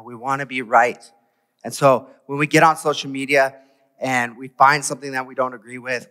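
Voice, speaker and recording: Man preaching in a reverberant church. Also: medium pitch. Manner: conversational and animated, with rhetorical questions. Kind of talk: sermon. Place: church sanctuary.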